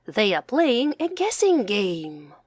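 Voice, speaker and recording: Very slow expressive woman storyteller. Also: mid-range voice, no echo, clean studio sound. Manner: slow, expressive, sing-song storytelling for children. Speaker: storybook reader and author. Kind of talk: children's story read-aloud.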